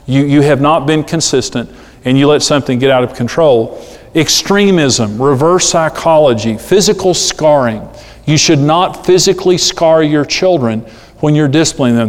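A pastor with a fairly high-pitched voice preaches a sermon at a moderate pace, telling stories and acting out the people he quotes. The recording carries the long reverb of a large hall.

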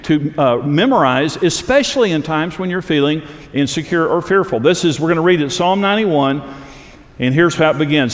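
A man's voice: fairly high pitch, lively intonation, normal speed, long reverb tail. A man preaching a sermon, earnest and repetitive for emphasis, reading scripture aloud to a congregation. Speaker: pastor.

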